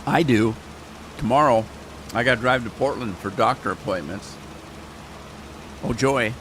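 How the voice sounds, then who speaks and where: A man's voice: medium pitch, measured pace, a bit bright, slight background noise. A man hosting a gameplay stream, chatting casually and talking to himself as he plays. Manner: rambling, chatty, talks to himself and chat. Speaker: gaming channel host. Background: rain sounds from the game.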